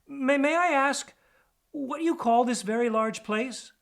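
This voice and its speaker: A man voicing an excitable, lovestruck little male pack rat in a storybook reading. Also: measured pace, gravelly, heavily acted. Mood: shy. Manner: high, eager and breathless.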